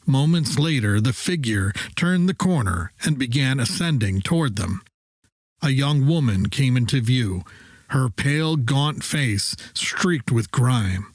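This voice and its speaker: Guy reading a sleep story, soft slow soothing, dry close mic. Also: mid-range voice, lively intonation, slightly rough, no room sound. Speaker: narrator. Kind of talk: scripted sleep story narration.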